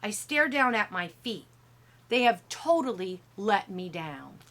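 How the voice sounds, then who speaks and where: A woman narrating a middle-grade novel in first person, with expressive, youthful storytelling. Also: mid-range voice, measured pace. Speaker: audiobook narrator.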